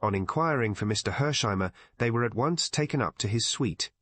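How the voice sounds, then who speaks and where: A man narrating an audiobook novel with measured, scripted storytelling. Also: mid-range voice, lively intonation, a bit bright, dry recording. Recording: dry close recording.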